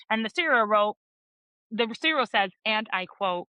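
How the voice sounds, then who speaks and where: Bright-voiced, sassy woman. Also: fairly high pitch, normal speed, dry recording, poor audio. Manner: animated, sassy retelling with acted quotes and swearing. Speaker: podcast co-host. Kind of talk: casual book recap chat.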